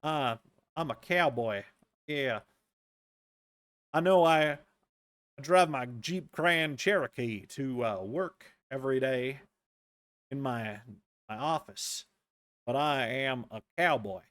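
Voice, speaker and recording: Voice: mid-range voice, a bit bright, dry recording, pitched below the performer's own voice. Drawling fake cowboy, as a streamer puts him on. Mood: mock folksy. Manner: slow, drawling, put-on folksy twang. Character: fake cowboy, a man with an office job. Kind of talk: mocking impression while streaming.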